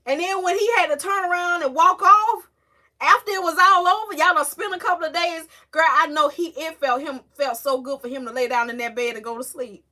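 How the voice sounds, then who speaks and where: A woman's voice: sits high, a little fast, sharp tone. A woman hosting a casual livestream, chatting with viewers, greeting them by name and talking with feeling. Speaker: livestream host. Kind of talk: casual live-stream chat with viewers.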